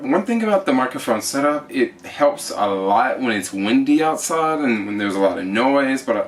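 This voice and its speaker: A man's voice: medium pitch, distant mic, slight background noise. Chatty man demoing camera gear. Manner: chatty, rambling, lots of fillers. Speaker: travel vlogger. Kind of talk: casual gear demo. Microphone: GoPro with attached shotgun mic.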